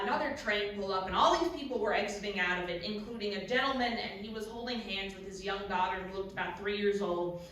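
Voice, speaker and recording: A young adult woman from Maryland performing a stand-up comedy set, telling a story with big shouted punchlines. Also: mid-range voice, a little hiss or hum. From Maryland, USA. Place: comedy club stage. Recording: echoey club from a distant mic.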